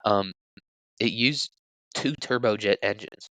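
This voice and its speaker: A man's voice: fairly low pitch, slow pace, pushed and bright, no echo, rough recording. A young man hosting a solo podcast, rambling crudely with jokes and lots of fillers. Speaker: podcast host. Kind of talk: casual solo podcast talk.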